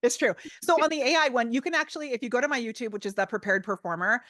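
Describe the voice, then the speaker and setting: A woman guest on a podcast, telling stories in a bubbly, animated way with lots of fillers. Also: fairly high pitch, racing, no room sound, clean studio sound. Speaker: guest, business coach. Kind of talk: casual podcast interview.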